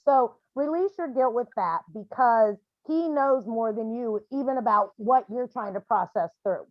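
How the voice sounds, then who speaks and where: A woman with a fairly high voice counsels grieving parents on a video call, animated and expressive, now and then acting out scenes in other voices. The sound is muffled and dry, with no room around it. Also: a little slow, no room sound. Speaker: medium leading a grief support call.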